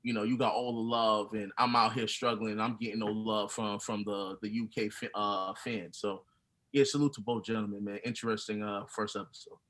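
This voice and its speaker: Bright-voiced laid-back podcast man. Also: lowish voice, steady tone, normal speed, rough recording. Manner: laid-back, loose slang, laughs often. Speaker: podcast co-host. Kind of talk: casual chat reacting to a documentary.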